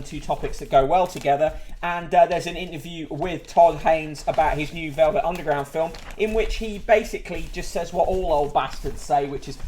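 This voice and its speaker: A man's voice: on the high side, moderate pace, hardly any pauses, a little mellow, a little hiss or hum. Dry-witted man reading headlines. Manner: reads headlines aloud with dry asides and many ums. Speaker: host reviewing newspapers. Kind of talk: casual livestream newspaper review.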